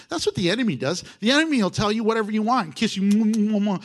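A man preaching a sermon, exhorting his listeners with animated emphasis and chuckles. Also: high voice, fast talker.

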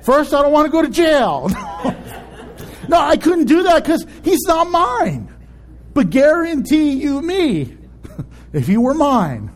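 A male pastor preaching a sermon in an animated way, laughing often and acting out voices in his stories. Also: extremely high pitch, takes it slowly, pauses often.

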